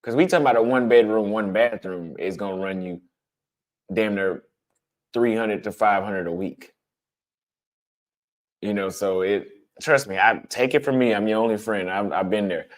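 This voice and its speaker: A blunt, conversational man talking casually to his viewers. His voice sits a little low, and he leans on repetition to drive his points home. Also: normal speed, pauses often. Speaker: travel vlogger answering chat. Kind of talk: casual livestream chat.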